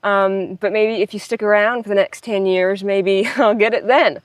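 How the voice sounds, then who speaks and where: A woman's voice: medium pitch, fairly even intonation, normal speed, hardly any pauses. A young woman talking casually in a farm vlog, chatty and self-mocking, laughing often. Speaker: farm vlogger. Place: outdoors on a farm, near a tractor sprayer.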